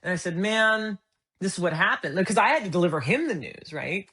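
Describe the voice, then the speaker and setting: Speaking briskly in a lowish voice, a middle-aged interview guest recounts a story in a conversational way. She gets animated, performing each bit of dialogue as she goes.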